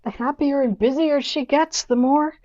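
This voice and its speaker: Older woman opening up to a friend, hesitant and self-doubting, over a dull low-fi line. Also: normal speed, dark tone. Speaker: guest, old friend. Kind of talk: casual chat between old friends.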